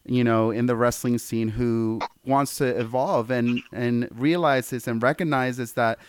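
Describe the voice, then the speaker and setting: A man hosting a casual interview who asks measured, supportive questions. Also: mid-range voice, steady tone, clear, resonant tone, no echo. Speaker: interviewer host.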